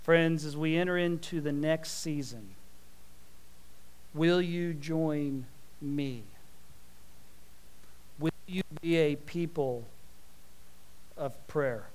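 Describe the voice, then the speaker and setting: A man preaching a sermon, telling a parable with folksy, animated asides. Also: on the high side, takes it slowly, long pauses, smooth.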